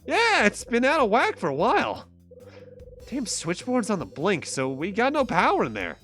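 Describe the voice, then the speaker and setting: A man reading a flustered young male hotel bellboy aloud, with a high, yelping delivery. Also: huge pitch swings, normal speed, a bit bright, faint music behind, heavily acted.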